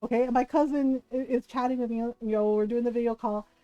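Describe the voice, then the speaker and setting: A woman streaming live, chatting casually with her viewers as she tells a family story, animated and quick to laugh. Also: on the high side, dry recording, dull audio, faint music behind. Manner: animated, laughs often, acts out quotes.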